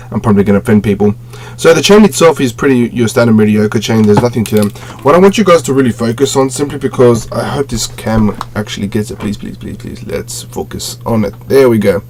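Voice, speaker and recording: A man casually reviewing a collectible on a webcam at home, rambling, with many fillers and self-corrections. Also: medium pitch. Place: home room with display shelves.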